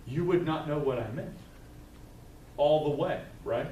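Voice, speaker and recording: The voice is on the high side, a little slow and a little mellow: a man conducting live staff training at a room with tables. He keeps it conversational, weaving in stories and asking "right?" along the way, recorded with echo, a far-off mic and faint noise.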